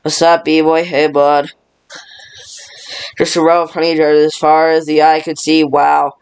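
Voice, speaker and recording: A man reading a film script aloud by himself, rushing and stumbling through every part. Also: fairly high pitch, monotone, smooth. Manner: rushed, stumbling reading with little change between parts. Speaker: script reader.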